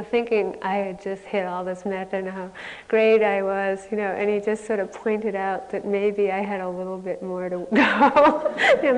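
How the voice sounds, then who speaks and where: A woman meditation teacher giving a candid dharma talk at a retreat, with self-mocking stories that often break into laughter. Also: medium pitch. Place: retreat center meditation hall. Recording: long hall reverb.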